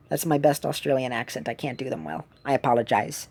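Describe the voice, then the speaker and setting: Woman streamer, low and mellow, loose rambling play-along chat from home. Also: fairly quick. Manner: rambling, many fillers and restarts. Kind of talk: casual gameplay commentary.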